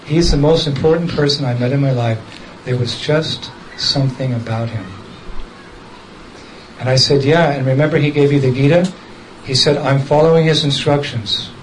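A man's voice: medium pitch, moderate pace, slight background noise, rough recording. A man casually telling a story from his past, often chuckling and quoting the people in it directly. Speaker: devotee recounting a memory.

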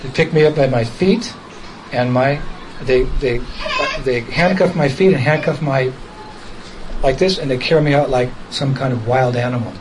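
A man telling a personal story in a casual, lively way, laughing as he goes and acting out other people's voices. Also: medium pitch, moderate pace, background noise. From United States.

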